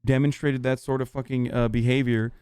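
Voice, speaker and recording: A man streaming live, ranting heatedly at his chat with lots of swearing and halting restarts. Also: mid-range voice, flat delivery, mellow, clean tone, dry recording, studio quality. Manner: profane, agitated, halting restarts.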